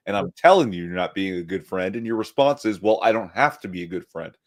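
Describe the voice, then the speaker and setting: A man's voice: deep voice, lively intonation, fast talker. A man co-hosting a casual podcast, stammering through indignant points. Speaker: podcast co-host. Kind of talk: casual chat.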